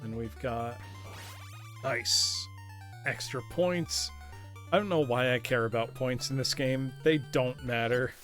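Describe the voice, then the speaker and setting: A male streamer talks his way through a retro game at mid pitch, loose and playful, breaking into laughter as he chats. He calls his viewers "class" like a teacher, with faint game music playing under his voice. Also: takes it slowly, a bit bright. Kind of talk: live gaming commentary.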